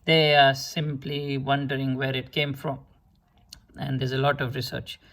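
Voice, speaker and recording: Slow, gravelly man teaching scripts. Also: medium pitch, little pitch movement, a bit bright. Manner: slow, hesitant explaining with many fillers and restarts; sounds out syllables to demonstrate pronunciation. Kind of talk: explanatory lesson.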